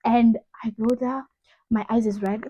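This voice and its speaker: A woman's voice: a little high, steady tone, a little slow, warm tone, low-quality recording. A young woman from Kenya, telling a personal story in a rambling, casual way full of "you know". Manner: rambling, lots of "you know", emotional retelling. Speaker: vlogger.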